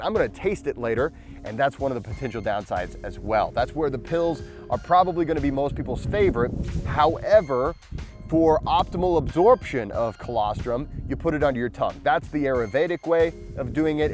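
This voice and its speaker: A man hosting his own channel, talking casually to camera about a supplement, often restarting his sentences. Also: medium pitch. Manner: rambling, restarts often, talks with powder under his tongue. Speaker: channel host.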